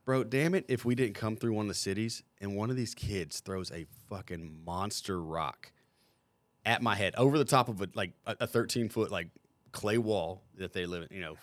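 A man co-hosting a podcast, telling animated, profane stories from his service days. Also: on the low side, moderate pace, no room sound. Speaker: podcast co-host, veteran. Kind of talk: casual storytelling.

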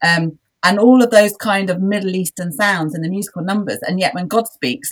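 A woman guest in a casual academic discussion, speaking in an opinionated, animated way. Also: on the low side, moderate pace, few pauses, poor audio. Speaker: podcast guest.

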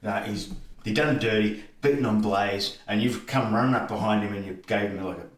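A man's voice: lowish voice, brisk. A man telling a story in casual chat, laughing often and acting out the voices of the people in it. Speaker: fellow wrestler telling a story. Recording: echoey room with faint noise.

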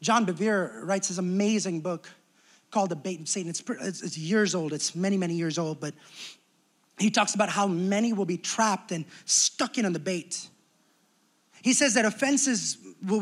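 A young adult man preaching a sermon as pastor, talking conversationally and acting out little quoted exchanges. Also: high-pitched.

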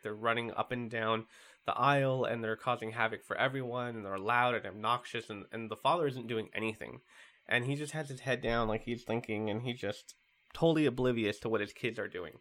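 A man's voice: medium pitch, fairly bright tone. A man giving a conversational sermon, telling stories and making points with casual fillers. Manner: conversational, storytelling with acted quotes.

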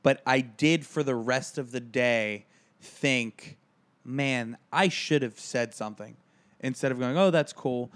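A man's voice: medium pitch, unhurried, fairly bright tone. A man co-hosting a casual comedy podcast, telling a rambling, self-deprecating story. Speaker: podcast co-host.

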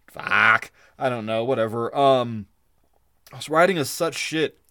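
A man's voice: medium pitch, measured pace, pushed and bright, no echo, studio quality. A man co-hosting a podcast, reviewing a cartoon episode in casual, profane, ranting chat. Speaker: podcast co-host.

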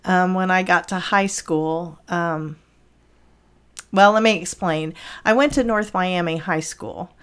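An older woman telling childhood memories in a slow, reflective way, as a guest on a podcast. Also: on the low side, fairly bright tone, clean tone. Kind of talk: casual interview.

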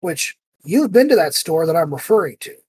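A man co-hosting a podcast, telling a story with lively, heated acted-out quotes. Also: a little high, moderate pace, breathy edge, no room sound. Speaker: podcast co-host. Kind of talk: casual chat.

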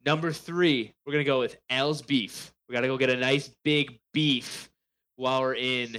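A young man chats on a podcast with enthusiasm, his voice bright and forceful. His pitch sits in the middle range. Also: fairly even intonation, moderate pace, low-quality recording. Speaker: podcast co-host. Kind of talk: casual chat.

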